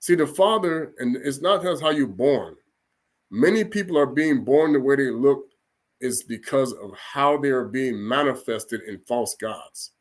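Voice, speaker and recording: A man's voice: medium pitch, expressive, unhurried. A man giving an informal spoken sermon in a rambling, colloquial way, with frequent restarts and "okay?" checks. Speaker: religious teacher.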